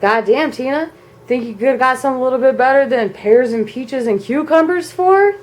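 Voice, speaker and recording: A woman voicing her father as an irritated, gruff middle-aged dad in a storytime vlog. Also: high voice, lively intonation, moderate pace. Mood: exasperated. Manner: gruff, exasperated.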